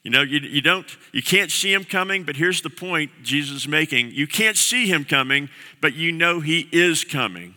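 A man's voice: on the high side, animated, normal speed, few pauses, pushed and bright. A man preaching a sermon as pastor, earnest and repeating key phrases for emphasis. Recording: long reverb of a large hall.

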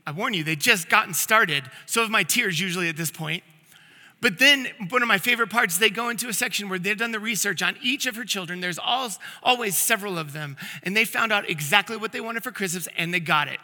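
Bright-voiced pastor in a reverberant church. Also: male voice, sits high, a little fast. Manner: earnest storytelling with frequent restarts. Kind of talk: conversational sermon. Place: church sanctuary. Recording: long reverb of a church hall.

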